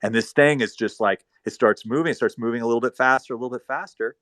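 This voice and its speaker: A man telling a long, rambling story in casual talk, profane, swinging between loud bursts and quiet asides. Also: medium pitch, fast talker, no echo.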